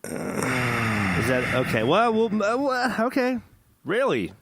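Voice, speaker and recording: A man's voice: high voice, big pitch swings, unhurried, background noise. A man hosting a gaming podcast in casual chat, joking, rambling and swearing. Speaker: podcast host.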